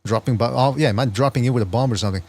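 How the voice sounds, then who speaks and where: A male podcast host with a voice of ordinary, mid-range pitch, talking through his arguments in casual chat. He stammers and restarts often as he works out his points, with an earnest, explaining tone. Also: racing, a little mellow, no echo.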